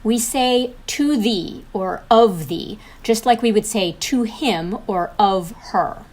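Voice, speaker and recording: A woman's voice: medium pitch, takes it slowly, darkish tone. A woman co-hosting an instructional video, explaining grammar in an upbeat, encouraging teacher manner. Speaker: co-host and instructor.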